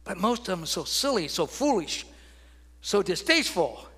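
An older man preaching a sermon, swinging from loud, ringing declarations down to hushed, almost whispered lines. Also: sits high, sing-song, normal speed, breathy edge.

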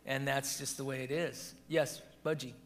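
Bright-voiced pastor leading Bible study. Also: male voice, mid-range voice, normal speed, soft background music. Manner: animated storytelling, laughs at his own anecdotes. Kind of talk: teaching and discussion.

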